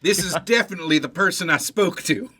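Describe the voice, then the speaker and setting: A man's voice: high voice, lively intonation, sharp tone, heavily acted. A man voicing a forgetful old man who is also a baby, with a put-on Southern accent and a dotty, drawling way of recalling things. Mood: fond recalling. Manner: slow, dotty, drawling recollection. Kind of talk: improvised role-play.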